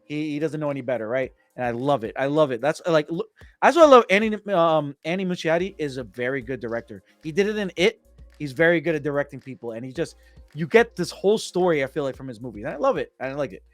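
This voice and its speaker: An excitable man talks through a movie in casual podcast chat, acting out the scenes. His voice sits a bit high and is recorded close and dry. Faint music plays underneath. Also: fast talker, no room sound. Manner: animated, excitable, acts out scenes. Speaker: podcast host.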